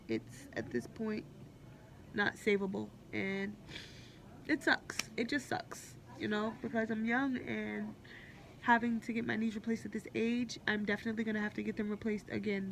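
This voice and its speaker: A woman's voice: medium pitch, normal speed, creaky. A woman in her late twenties vlogging candidly and bluntly from a hospital room, swearing freely. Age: 20s. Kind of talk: personal hospital vlog. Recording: faint hospital background noise.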